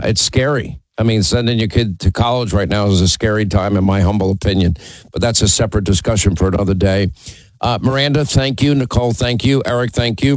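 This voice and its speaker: A man's voice: on the low side, dry recording, low-quality recording. A man hosting a call-in talk radio show, speaking emphatically and teasing callers.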